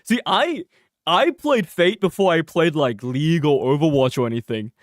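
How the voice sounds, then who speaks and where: A young man chats through a game stream with loose, joking energy and plenty of swearing. His voice swings widely in pitch and sits a little high. The sound is dry and close, from a mic that peaks. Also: moderate pace, no echo. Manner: animated, swearing, laughing, joking. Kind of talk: casual gameplay commentary. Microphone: close mic, peaking loud.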